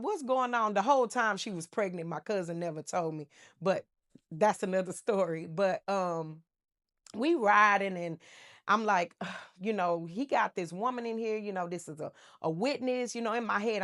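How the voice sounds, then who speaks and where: A woman's voice: mid-range voice, fairly bright tone. A woman giving a personal testimony in a casual, emotional storytelling way, with many fillers and restarts. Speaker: testimony speaker.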